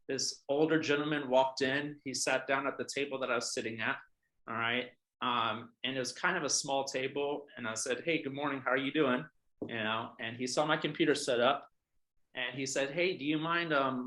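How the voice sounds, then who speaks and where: A man's voice: mid-range voice, bright, forceful tone, rough recording. A man, a realtor coaching other agents in a casual training talk, who keeps checking in with "all right?" and restarts his sentences often. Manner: frequent fillers and restarts.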